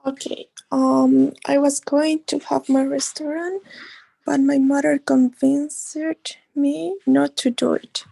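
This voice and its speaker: High, gravelly woman reading slowly. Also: flat delivery, mellow, low-quality recording. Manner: slow, careful reading. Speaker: student. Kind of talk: reading aloud in class.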